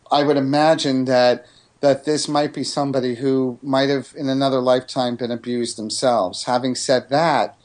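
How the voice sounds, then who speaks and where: Man from New Jersey, medium-pitched, earnest storyteller who restarts his sentences; interview guest. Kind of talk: casual radio interview talk.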